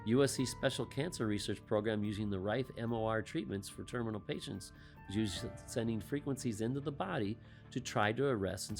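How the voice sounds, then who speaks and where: A man hosting a commentary monologue, asking rhetorical questions and adding wry asides. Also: fairly low pitch. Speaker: host.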